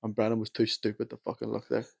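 A man's voice: on the low side, monotone, fast talker, vocal fry, slightly rough. A young man, telling nights-out stories with laughter and plenty of swearing in a casual chat. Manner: laughing storyteller, heavy swearing. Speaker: podcast co-host.

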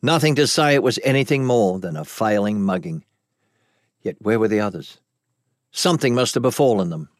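A man narrating a first-person story with dramatic flair and wide, lively pitch. Recorded dry and close, with no room sound. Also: normal speed, dry recording.

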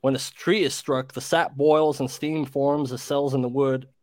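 A man with a British accent reads aloud in casual group chat. His voice is mid-pitched and steady, and the room sounds dry and close. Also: moderate pace, no room sound. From United Kingdom.

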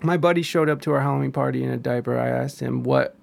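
A man's voice: medium pitch, quick pace, gravelly, a little mellow. A young man giving rambling, crude and profane casual commentary as a vlogger.

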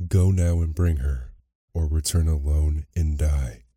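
Guy reading a huge angry beast, growly and proud, slow heavy words, super deep. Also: warm tone, dry recording, clean studio sound. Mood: commanding. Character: huge ugly male beast, furious and proud. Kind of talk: bedtime story reading.

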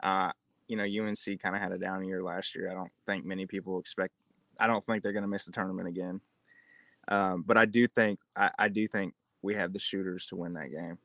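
A man's voice: low-pitched, fairly even intonation, a little fast, a bit bright, dry recording. A male podcast co-host in a casual sports chat, hedging and thinking aloud.

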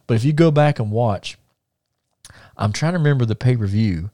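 A man's voice: medium pitch, lively intonation, normal speed, mellow, no echo, clean studio sound. A man who hosts a podcast, telling rambling stories, repeating words and laughing at them. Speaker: podcast host and former wrestler. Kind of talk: casual storytelling.

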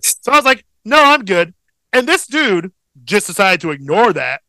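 A young man co-hosting a podcast, telling a long story in a profane, rambling, animated way. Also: sits high, moderate pace, no room sound. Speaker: podcast co-host. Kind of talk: casual storytelling chat.

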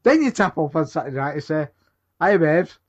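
A man in crude, rambling casual banter as podcast co-host, sweary and excitable. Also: on the high side, quick pace. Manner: sweary, excitable, mock-indignant. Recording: dull lo-fi recording.

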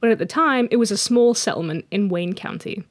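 A woman co-hosting a casual podcast, playful and quick to mock outrage as she tells a story. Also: mid-range voice, lively intonation, no echo. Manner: playful, indignant, giggly. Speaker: podcast co-host. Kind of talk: casual chat, reading a story.

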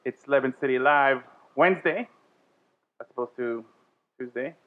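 A man's voice: mid-range voice, moderate pace. A man hosting a casual sports podcast, joking around and laughing a lot. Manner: jokey, laughing, hypes himself up. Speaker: podcast host. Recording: dull lo-fi sound.

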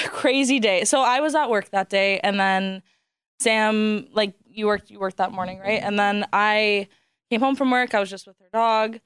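A woman's voice: mid-range voice, fairly even intonation, a little slow, fairly bright tone, clear, resonant tone, dry recording, studio quality. A woman telling a story about her best friend in a chatty way, acting out what people said. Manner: chatty, acts out quoted dialogue. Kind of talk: casual storytelling.

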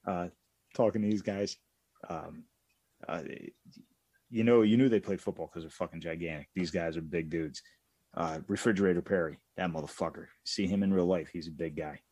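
A man co-hosting a casual podcast, telling profane, animated stories from his youth. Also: low-pitched, moderate pace, dry recording. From Pittsburgh area. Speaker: podcast co-host. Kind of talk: casual storytelling chat.

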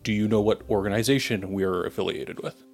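Man, tabletop player, earnest and diplomatic, lowish voice, faint music. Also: brisk, creaky. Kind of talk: in-character tabletop role-play.

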